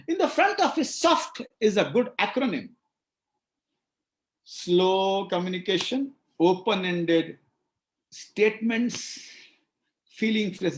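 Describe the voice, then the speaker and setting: A man with an Indian English accent giving an animated webinar lecture, acting out dialogues and repeating words. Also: high voice. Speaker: psychiatrist speaker at a medical webinar.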